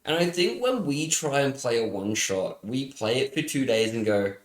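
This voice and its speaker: A man's voice: mid-range voice, lively intonation, moderate pace, reverberant, low-quality recording. A man, a podcast co-host, bantering in a laid-back, joking way. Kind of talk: casual podcast chat.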